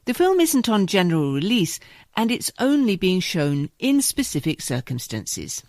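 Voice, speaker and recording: A woman's voice: medium pitch, very animated, moderate pace, a little mellow, dry recording, clean studio sound. A woman hosting a podcast, introducing a segment in scripted narration. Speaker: podcast host.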